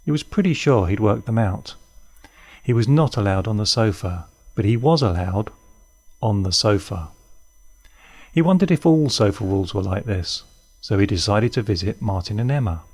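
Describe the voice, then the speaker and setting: A man reading a children's story aloud in an expressive way. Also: on the low side, normal speed. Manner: warm, expressive read-aloud.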